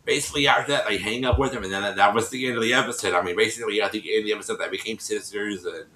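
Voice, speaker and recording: A man's voice: fairly low pitch, fairly even intonation, rapid-fire, pushed and bright, roomy sound, low-quality recording. A man casually retelling a reality-show episode to his viewers, rambling, restarting his sentences and acting out what people said. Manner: rambling, repeats and restarts, acts out quotes. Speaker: vlogger recapping a reality show.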